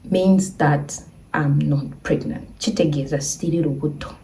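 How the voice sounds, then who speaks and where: A woman's voice: low voice, moderate pace, far from the mic, slight background noise. A young woman telling a personal story in a casual vlog, acting out the voices of the people in it. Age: young adult. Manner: animated, acts out quoted voices.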